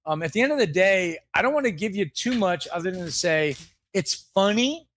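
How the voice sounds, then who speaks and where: A man co-hosts a live comedy podcast in a high, bright voice. He riffs and rants in mock anger and swears freely. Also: expressive, brisk, slight background noise. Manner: mock-angry ranting, swearing. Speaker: podcast co-host. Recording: live show with background music.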